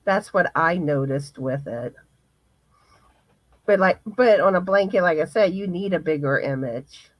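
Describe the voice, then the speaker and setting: A woman, hoarse, co-hosting a casual crochet livestream and speaking hesitantly with many restarts. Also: fairly low pitch, a little slow, no echo, poor audio. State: hoarse, voice going in and out.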